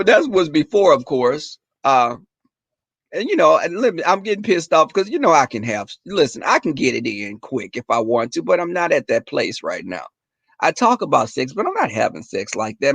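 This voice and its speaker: A young adult man chatting casually and profanely to viewers in a livestream, telling animated stories. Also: a little high, creaky, husky, no echo. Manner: profane, animated storytelling, talks to viewers as y'all. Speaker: livestream host.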